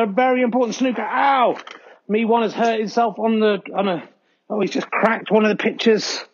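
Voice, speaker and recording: Man, comic sports commentary, mock-earnest, excitable, high voice, lo-fi sound.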